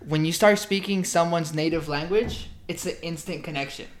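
A man co-hosting a podcast in casual chat, talking with lively energy and laughing often, a Spanish speaker first. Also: fairly high pitch, normal speed, echoey room, background noise. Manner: animated, laughs often, does mock phone voices. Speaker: podcast co-host.

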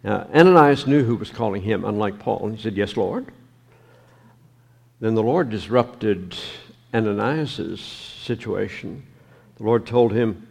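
A man preaching a sermon, reading scripture and reflecting on it slowly, with many pauses and ums. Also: on the low side, lively intonation, vocal fry, a little mellow.

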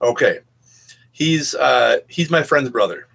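A man's voice: mid-range voice, expressive, takes it slowly, vocal fry, a bit bright, slightly rough. A man co-hosting a podcast, telling rambling anecdotes in casual chat and swearing freely. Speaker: podcast co-host.

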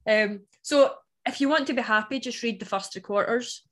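A Scottish woman from Scotland co-hosting a book podcast, chatting in a wry, animated way. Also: fairly high pitch, normal speed. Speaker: podcast co-host. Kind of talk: casual chat.

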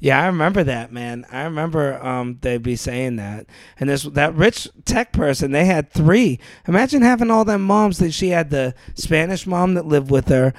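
Gravelly-voiced man in loose comedy chat. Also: fairly high pitch, expressive, normal speed, hardly any pauses, no room sound. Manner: joking, loose, laughs often. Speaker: podcast co-host.

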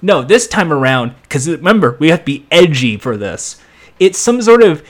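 A man with a slightly high voice recaps a show in a loose, rambling way. He is sarcastic throughout and adds sound effects and quick impressions as he goes. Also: big pitch swings. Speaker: show reviewer. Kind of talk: casual recap and commentary.

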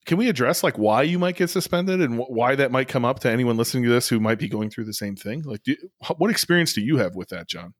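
A man's voice: medium pitch, expressive, fast talker, hardly any pauses, dry recording. A man co-hosting a podcast in casual, rambling chat, speaking close to the mic. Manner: rambling, chatty, restarts a lot. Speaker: podcast co-host.

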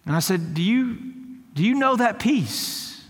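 A man's voice: high voice, expressive, measured pace, husky. A man, a lead teaching pastor, preaching a sermon in a conversational storytelling way that builds to fervent emphasis, with frequent repeated words. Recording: long hall reverb.

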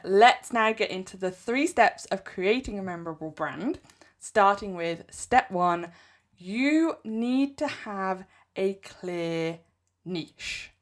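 A woman with an English accent hosting a solo podcast, giving direct, emphatic business advice. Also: mid-range voice. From England. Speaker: podcast host.

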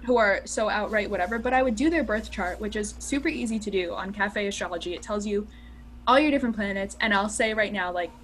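A young woman co-hosting a podcast, telling stories in an animated, casual way and swearing freely. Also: medium pitch, fast, a little hiss or hum. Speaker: podcast co-host. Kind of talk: casual chat.

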